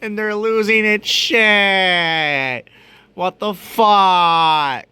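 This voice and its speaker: Speaking extremely slowly in a high-pitched voice that is pushed, bright, and smooth, a young adult vlogger delivers a profane rant on video. He sounds exasperated, curses, and frequently laughs.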